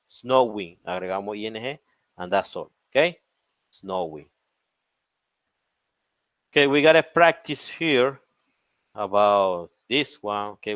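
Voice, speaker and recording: A man's voice: fairly low pitch, a bit bright, no echo. A man with a Chilean Spanish accent teaching an English grammar lesson, moving between English and Spanish and explaining step by step with patient repetition. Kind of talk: recorded online grammar lesson.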